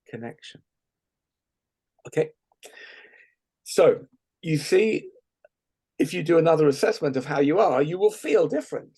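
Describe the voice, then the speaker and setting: A man leading a guided laughter exercise over a video call, playful and gently coaxing, often laughing. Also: on the high side. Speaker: laughter workshop leader.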